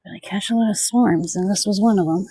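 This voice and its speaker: A woman beekeeper with a warm, husky, mid-range voice talks quickly and casually as she inspects her hive outside. She mutters asides and addresses her bees, with no echo.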